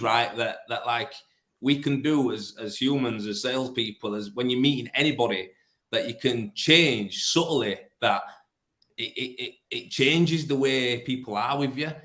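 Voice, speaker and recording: A man's voice: mid-range voice, moderate pace, fairly bright tone. A man with a broad Yorkshire accent, a plasterer telling blunt stories in a casual interview, full of restarts and fillers. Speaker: plasterer and business owner. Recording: roomy echo.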